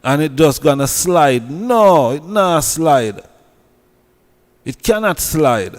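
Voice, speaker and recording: A man's voice: fairly high pitch, sing-song, slow pace, in a large hall. A man with a Jamaican accent who scolds and preaches in a heated commentary rant, repeating himself. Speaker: online commentator.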